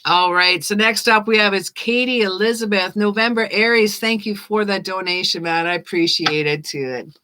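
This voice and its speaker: A woman's voice: medium pitch, normal speed, hardly any pauses, bright, forceful tone, low-quality recording. A woman with a mid-range voice runs a live tarot stream, chatting loosely and repeating words for emphasis. She laughs easily between readings, and faint noise hums under the recording. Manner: chatty, repetitive, laughs often. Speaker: tarot reader.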